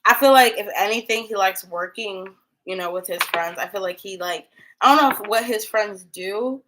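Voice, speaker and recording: A woman's voice: medium pitch, normal speed, a bit bright, slight background noise. A young woman giving tarot readings in a loose, rambling livestream chat, full of filler words and asides. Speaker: tarot reader.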